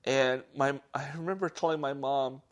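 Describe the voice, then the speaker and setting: A man casually telling a childhood story on a podcast, halting and restarting often. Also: medium pitch. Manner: halting, with many restarts and fillers; gets animated at the story's peak. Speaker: podcast host.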